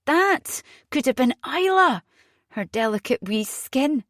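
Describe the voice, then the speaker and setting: A woman's voice: expressive, slow, fairly bright tone, no room sound, studio quality, full character voice. Woman voicing an agitated Scottish mother. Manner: urgent, insistent, rising pitch.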